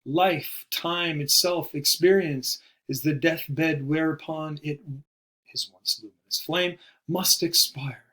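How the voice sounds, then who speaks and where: A man giving a recorded poetry lesson, explaining terms in a measured way and slowing down to stress key words. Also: fairly high pitch, a bit bright. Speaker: poetry teacher. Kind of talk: recorded video lecture.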